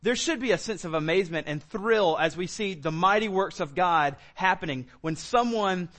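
A man's voice: sits high, normal speed, a bit bright. A man preaching a sermon as pastor, talking in a loose, conversational way with fillers and repeated words.

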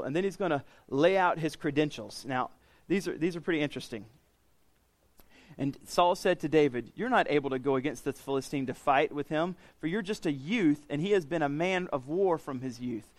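A man preaching a sermon, teaching through a Bible passage and retelling it in a relaxed, conversational way, often restarting phrases. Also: on the high side, moderate pace, no room sound. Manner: conversational, paraphrasing scripture in casual voices; frequent restarts and repeated words.

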